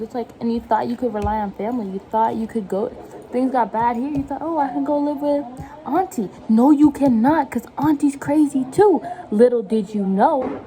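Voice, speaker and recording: Rambling young woman, mellow higher voice. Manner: rambling, self-mocking, laughs often. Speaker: vlogger. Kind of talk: casual chat while cooking. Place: home kitchen.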